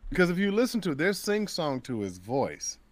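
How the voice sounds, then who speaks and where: In a relaxed interview, a male voice actor who is the guest spins animated stories, performing the voices of whoever he quotes. He speaks at a moderate pace with a fairly high pitch, and the recording has no echo.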